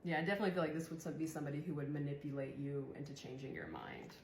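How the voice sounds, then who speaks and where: This tarot reader is a young woman whose low, expressive voice comes out rapid-fire with vocal fry. She gives a casual, chatty reading full of swearing and frequent laughter, recorded in an echoey room with faint background noise.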